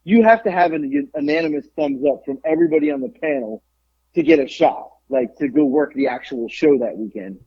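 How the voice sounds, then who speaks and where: With a slightly rough, somewhat high voice and a fairly quick delivery, this podcast guest, a professional wrestler, spins a wrestling yarn full of swearing. He's lively throughout and performs other people's lines as he goes. The recording sounds dull and low-fidelity.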